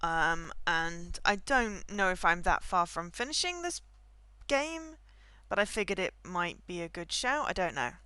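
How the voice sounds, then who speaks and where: A woman's voice: fairly low pitch, very animated, measured pace, pushed and bright, clean tone, no echo, poor audio. A woman chatting casually on a gaming stream, musing aloud and thinking through her choices with viewers.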